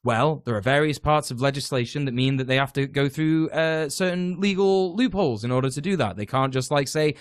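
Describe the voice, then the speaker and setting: A man's voice: medium pitch, brisk, hardly any pauses, smooth, no room sound, clean studio sound. A British man talking casually about organizing renters, rambling with lots of fillers and restarts and the odd swear word. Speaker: podcast guest, tenants union organizer. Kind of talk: casual political chat.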